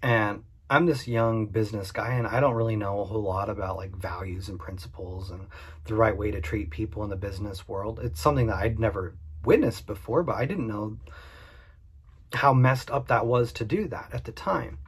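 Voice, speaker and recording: A man's voice: lowish voice, normal speed, breathy edge. A man who runs a cleaning business, casually and candidly telling a story about his past work to the camera. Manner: conversational and candid, with frequent fillers.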